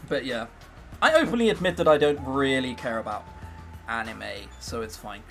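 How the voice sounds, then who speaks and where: A man's voice: mid-range voice, expressive, unhurried, pauses often, soft background music. A young English man chatting on a casual livestream, joking and self-mocking. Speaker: streamer.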